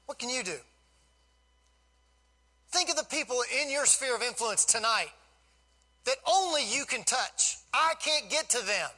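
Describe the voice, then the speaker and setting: Fifty-something guy telling stories to a crowd, high voice, folksy and lively. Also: unhurried, long pauses, low-quality recording. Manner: folksy, animated storyteller. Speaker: guest motivational speaker. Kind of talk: storytelling speech to a live audience.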